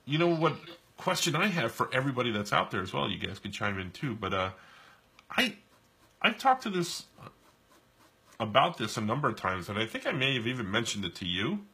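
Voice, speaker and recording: Drawing live while co-hosting a stream, this New Yorker chats casually and spins rambling, often-restarted stories. His mid-pitched voice is very animated and fairly quick, with a sharp, slightly rough tone.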